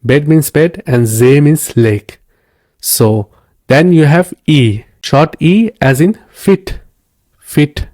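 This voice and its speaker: Slow, patient male language teacher. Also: a little high, animated, darkish tone, dry recording, clean studio sound. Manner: patient, repeats each word twice with frequent "okay?" checks. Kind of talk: slow step-by-step language lesson.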